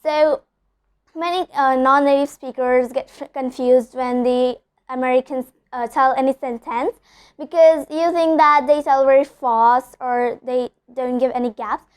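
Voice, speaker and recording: A woman from India teaching pronunciation rules, repeating example words slowly and often saying "so" and "okay". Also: high-pitched, steady tone, clean tone.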